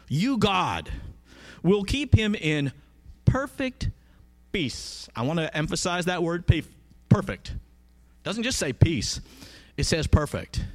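A man preaching a conversational sermon, emphatic and often asking his listeners questions. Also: high voice.

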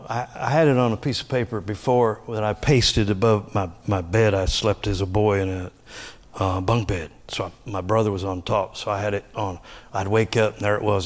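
A middle-aged man preaching a sermon, swinging between emphatic high bursts and quieter personal asides. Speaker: pastor.

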